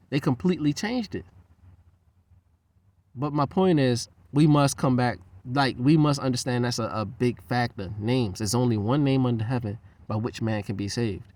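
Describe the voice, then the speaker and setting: A man's voice: medium pitch, a little mellow, no echo. A man talking in a loose, profane, rambling monologue. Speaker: host.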